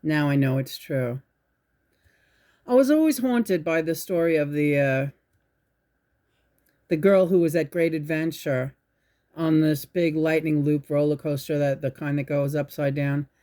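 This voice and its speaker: Halting, rambling woman telling a story. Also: sits low, dark tone. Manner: halting, restarts often, swears while telling a story. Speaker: channel host. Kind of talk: rambling spiritual storytelling monologue. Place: indoors at home.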